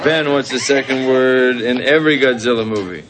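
A man's voice: mid-range voice, moderate pace, natural voice. An actor playing a middle-aged father with a dry, wry way of talking in a sitcom. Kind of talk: sitcom acting. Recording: sitcom audio with background noise.

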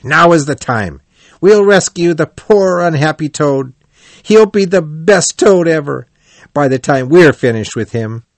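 A man voicing an excitable male rat in a storybook reading, crying out eagerly in a raised voice. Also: medium pitch, normal speed, hardly any pauses, no room sound, pitched above the performer's own voice, close to an everyday voice.

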